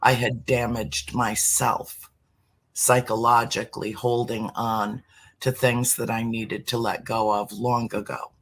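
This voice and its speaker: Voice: mid-range voice, little pitch movement, measured pace. Middle-aged podcast guest, earnest and emphatic, plain mid voice. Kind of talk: heartfelt spiritual talk.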